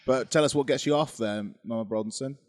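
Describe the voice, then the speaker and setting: A man co-hosting a podcast, teasing, playful and expressive in crude banter and when reading a story aloud. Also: medium pitch, brisk, no room sound. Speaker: podcast co-host.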